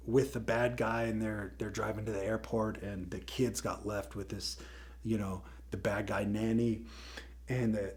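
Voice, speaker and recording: Man animated storytelling teacher. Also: on the low side. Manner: animated storytelling, frequent laughs and fillers. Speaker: Christian teacher, podcast host. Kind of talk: casual teaching talk.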